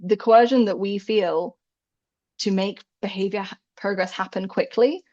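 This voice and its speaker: A woman's voice: mid-range voice, fairly even intonation, measured pace, warm tone, dull audio. A woman dog behavior expert speaking candidly and with animation as a guest in a casual interview, swearing freely and often laughing.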